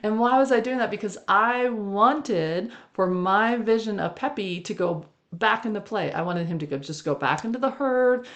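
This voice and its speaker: A woman's voice: medium pitch, normal speed, few pauses, a bit bright. A woman hosting a reflective spiritual podcast, telling a personal story and laughing often between phrases. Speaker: podcast host.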